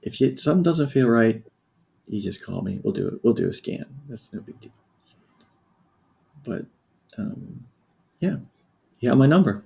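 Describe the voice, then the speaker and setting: A man from the United States in his fifties, speaking as a podcast guest. His voice is gravelly and dark-toned. He tells his story candidly and reflectively, often breaking off and restarting his sentences. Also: medium pitch, animated, normal speed, long pauses. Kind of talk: personal storytelling in a podcast interview.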